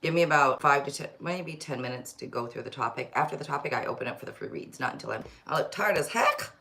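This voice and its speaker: A woman's voice: extremely low pitch, animated, fast talker, creaky, pushed and bright. A woman hosting a tarot live stream, chatting casually and rambling, often talking to herself. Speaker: tarot reader livestream host. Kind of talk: casual livestream chat.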